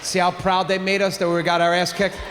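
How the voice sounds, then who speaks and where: Middle-aged male stand-up comic, high voice, loud and animated, live on stage in a reverberant hall. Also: brisk, over a noisy crowd. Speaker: stand-up comedian. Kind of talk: stand-up comedy set. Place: theater stage with live audience. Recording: live hall reverb, faint room noise.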